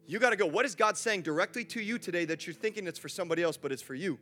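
Animated, high-voiced young pastor. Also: male voice, very fast, soft background music. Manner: animated, chatty, acts out scenes, asks the room questions. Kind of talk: sermon. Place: church.

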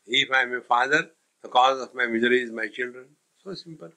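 Swami guy telling funny stories in a spiritual talk, bright clear voice, medium pitch. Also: brisk, poor audio. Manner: storytelling with jokes, mixing in Hindi sayings. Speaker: swami teaching a spiritual text. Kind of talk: humorous spiritual discourse.

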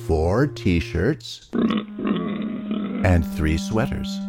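Slow, deep-voiced male storyteller. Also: mellow. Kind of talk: children's story reading.

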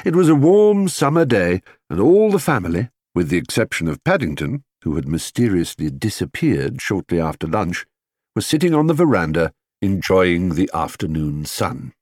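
A man reading a children's storybook aloud as scripted audiobook narration, lively and expressive. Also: sits low, moderate pace, no room sound, clean studio sound. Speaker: audiobook reader.

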